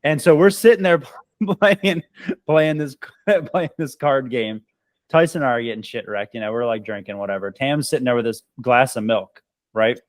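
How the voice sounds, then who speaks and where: Man, laid-back storyteller, says dude, dry close sound, medium pitch. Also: normal speed, dry recording. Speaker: podcast co-host. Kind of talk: casual storytelling chat.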